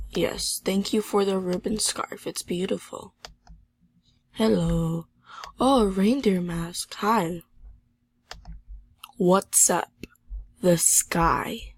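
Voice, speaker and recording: There's no room sound as a teenage girl with a sore throat talks over her gameplay in a subdued way and reads chat messages aloud for her gaming channel. Her lowish voice has vocal fry and a breathy edge.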